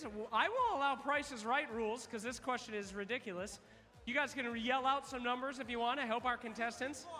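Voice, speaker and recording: A man hosting a live trivia contest on stage at an esports event, energetic and teasing, calling out to the crowd. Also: extremely high pitch. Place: large event hall on stage. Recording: long reverb of a big hall.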